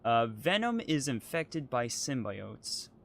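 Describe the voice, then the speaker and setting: A man's voice: medium pitch, sing-song, takes it slowly, vocal fry, a little hiss or hum. A man co-hosting a casual chat while playing a game, hesitant and apologetic, with lots of ums. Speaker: podcast co-host playing a driving game.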